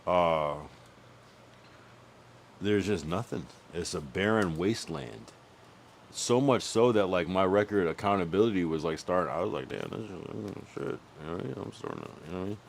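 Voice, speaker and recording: A man's voice: low-pitched, a little fast, gravelly, slight background noise. A young man streaming live, chatting casually and rambling with profanity while he thinks aloud. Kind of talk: casual livestream chat.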